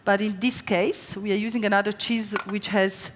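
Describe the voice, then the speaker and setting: Cooking live in front of an audience on a big event stage, a middle-aged Slovenian woman with a medium-pitched voice talks fast and casually. Her chatty stories bounce with quoted voices, and the sound carries a long hall reverb.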